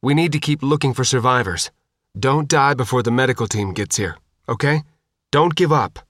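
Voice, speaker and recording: A man voicing a steady soldier in an audiobook, calm and reassuring as he tends a survivor. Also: medium pitch, normal speed, dry recording, clean studio sound, natural voice. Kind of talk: audiobook character voice.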